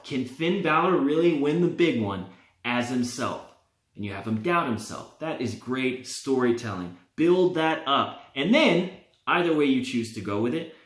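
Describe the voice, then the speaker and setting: Animated man vlogging in an echoey room. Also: medium pitch. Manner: animated, opinionated, laughs often. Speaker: wrestling vlogger. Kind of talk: casual fantasy-booking talk. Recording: roomy, echoey.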